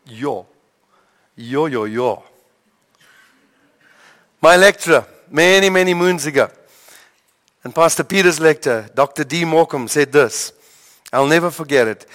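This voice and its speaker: A man's voice: on the high side, fairly bright tone. Storytelling male pastor in a reverberant hall. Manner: storytelling, dramatic pauses and stammered repeats. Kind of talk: sermon. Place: church hall.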